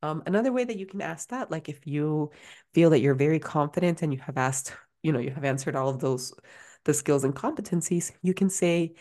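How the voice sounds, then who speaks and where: Chatty low-voiced woman podcast host. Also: a little fast, a little mellow. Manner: chatty, many fillers and restarts. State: out of breath at times. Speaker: career coach and podcast host. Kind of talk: casual podcast advice.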